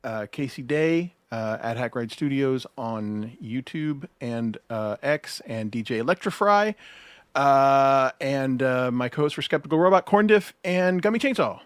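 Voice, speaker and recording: A man's voice: mid-range voice, lively intonation, measured pace, smooth, no echo. A man guest-hosting a casual livestream podcast, loose and swearing, with lots of uhs. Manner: loose, laughing, swears freely, many filler uhs.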